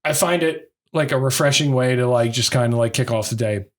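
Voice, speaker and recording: A man's voice: medium pitch, a little fast. Rambling, casual male podcast co-host. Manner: rambling, many restarts and fillers, swears casually. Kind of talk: casual chat.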